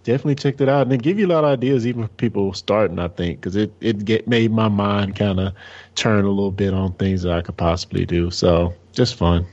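Excitable man co-host on dull lo-fi audio. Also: on the low side, a little fast. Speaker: podcast co-host. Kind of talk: casual chat.

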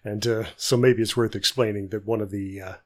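A man's voice: fairly low pitch, fairly even intonation, brisk. A man co-hosting a podcast, chatting casually in a friendly, wry way. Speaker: podcast co-host.

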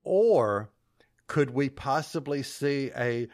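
A man's voice: medium pitch, lively intonation, slow, a little mellow. A man hosting a casual podcast discussion, speculating eagerly and putting questions to his co-hosts. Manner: enthusiastic, speculative, asks the panel questions. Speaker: podcast host.

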